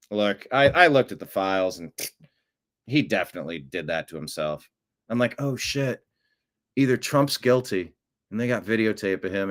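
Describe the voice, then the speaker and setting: This talk show host's voice is fairly low as he offers rambling, opinionated takes on politics. His delivery lurches from quiet muttering to loud outbursts.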